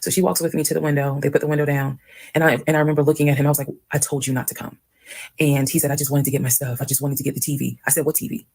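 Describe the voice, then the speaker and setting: Fast, gravelly woman telling a story. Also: low-pitched. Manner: frank, animated retelling with quoted dialogue. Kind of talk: casual storytelling.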